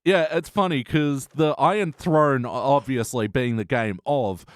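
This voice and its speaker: A man's voice: medium pitch, measured pace, clear, resonant tone, no room sound, studio quality. A man co-hosting a podcast, telling loose stories with casual swearing and frequent laughs. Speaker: podcast co-host. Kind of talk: casual chat.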